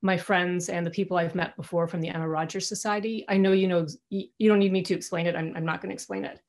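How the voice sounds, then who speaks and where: A woman's voice: fairly low pitch, fairly even intonation, fast, darkish tone. A middle-aged woman giving a personal talk to an alumni audience from her home, candid and conversational, often restarting her sentences. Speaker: guest speaker.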